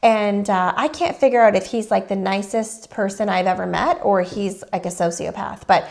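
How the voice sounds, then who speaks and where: A woman's voice: mid-range voice, moderate pace, gravelly. A woman telling a personal story in a candid podcast chat, acting out the quotes as she goes. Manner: animated storytelling, acts out quotes.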